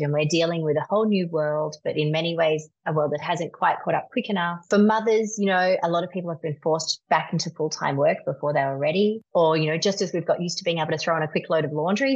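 Low-voiced Australian woman, lively chat. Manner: animated, laughs often, stretches words for emphasis. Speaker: magazine editor guest. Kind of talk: podcast interview chat. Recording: slightly dull lo-fi sound.

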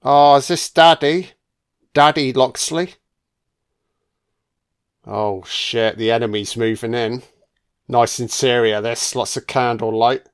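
A man's voice: mid-range voice, slow, pauses often, clean tone. A man giving casual, sardonic film commentary full of swearing and jokey asides.

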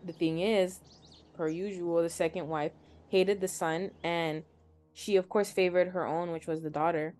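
A woman's voice: lowish voice, steady tone, a little slow, a little mellow. Young woman casually retelling a story. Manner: chatty, filler-heavy retelling. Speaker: podcast co-host.

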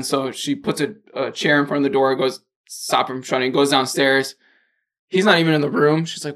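A man on a podcast talks through a movie plot in a loose, rambling way. He leans hard on fillers as he goes, and his voice has a gravelly edge. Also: mid-range voice, moderate pace, a bit bright. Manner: rambling storyteller, many fillers like "like" and "or whatever". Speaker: podcast co-host. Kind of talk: casual chat, retelling a movie plot.

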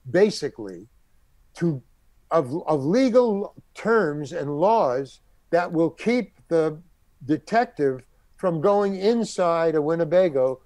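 A man's voice: a little high, no room sound. An older man, a character actor, telling a story from his career in a casual interview and acting out what others said. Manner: animated anecdote-telling, acting out quoted voices.

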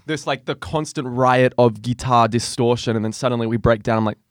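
Fast-talking rambling man. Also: mid-range voice, no room sound, clean studio sound. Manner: rambling storyteller, quick and jokey. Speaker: podcast host. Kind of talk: casual chat.

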